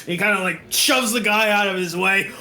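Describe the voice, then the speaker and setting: A man narrating a tabletop game as game master, playful and animated. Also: sits high, normal speed, shouting.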